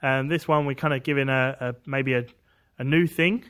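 A man's voice: mid-range voice, fairly even intonation, normal speed, fairly bright tone, clean tone. A man co-hosting a casual podcast, joking around and restarting his lines. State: out of breath from stairs. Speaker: podcast co-host. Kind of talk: casual chat.

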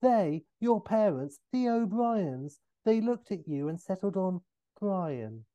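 A man's voice: high voice, very animated, slow, dark tone, no echo, highs cut off, voice pushed up, full character voice. A man putting on the voice of a cheeky, flirtatious, vain British male spy, camp and teasing. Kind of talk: comic improvised voice in a pitch.

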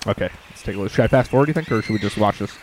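Laid-back low-voiced male podcast host. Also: rapid-fire, background noise. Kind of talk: casual chat.

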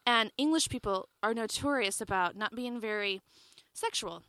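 A young American woman who plays music, telling stories on a radio show in a giggly, animated way. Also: fairly high pitch, normal speed, dry recording. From United States. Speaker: musician guest. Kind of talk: casual radio chat.

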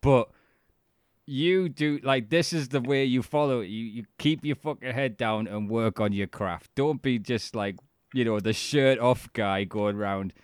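Sweary podcast co-host. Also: male voice, mid-range voice, a little slow, clean tone, dry recording, clean studio sound. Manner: animated, sweary, does voices when retelling. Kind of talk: casual chat.

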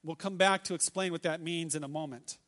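A man preaching a sermon, reading scripture aloud and repeating key phrases slowly and with emphasis. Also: on the high side, fairly even intonation, fairly bright tone. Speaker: pastor.

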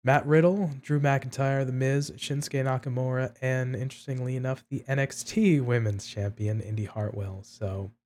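Podcast guy running through wrestling rosters, average pitch, measured, kinda thinking out loud. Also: steady tone. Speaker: podcast co-host. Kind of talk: casual wrestling podcast chat.

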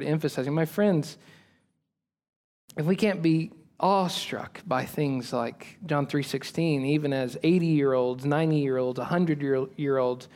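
A man preaching a sermon as pastor, earnest and emphatic, building on repeated phrases. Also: high voice.

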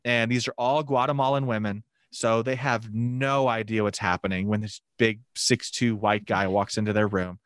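A man telling a lively mission story in a casual, animated way, laughing now and then. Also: on the low side, moderate pace, few pauses, smooth, no echo, studio quality.

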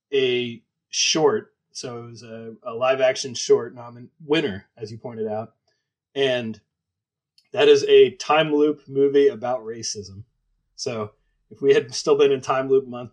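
Give me an easygoing man co-hosting a film podcast, casual and laughing along. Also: medium pitch. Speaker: podcast co-host.

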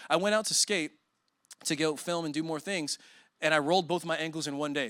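A man's voice: a little high, fairly even intonation, a little fast, fairly bright tone, no room sound, clean studio sound. A man in his forties preaching a sermon as a guest speaker, telling emotional stories with self-deprecating humor.

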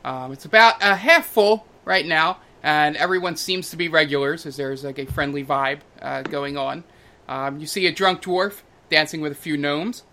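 Halting, bright-voiced game master. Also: male voice, fairly high pitch. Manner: halting, lots of ums and uhs. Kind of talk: narrating a tabletop game.

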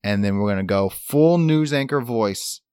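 A man's voice: lowish voice, lively intonation, moderate pace, dark tone, smooth, no room sound, clean studio sound. A man co-hosting a podcast, talking in an upbeat, rambling way with lots of fillers. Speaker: podcast co-host. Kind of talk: casual chat.

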